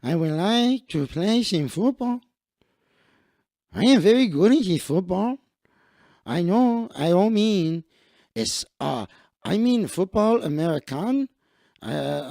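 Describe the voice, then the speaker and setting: A man's voice: sits high, big pitch swings, slow pace, gravelly, long pauses, mellow, no echo, studio quality, full character voice. A man putting on an eager young Mexican footballer. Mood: earnest. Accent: put-on Mexican Spanish accent. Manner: broken English, earnest and boastful.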